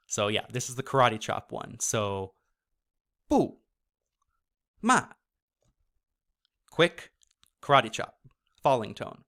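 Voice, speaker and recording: A man teaching a course, explaining pronunciation casually and sounding each syllable out slowly. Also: medium pitch, fairly bright tone, clear, resonant tone. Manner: casual, with fillers and self-corrections. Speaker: course instructor. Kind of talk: slow explanatory lesson.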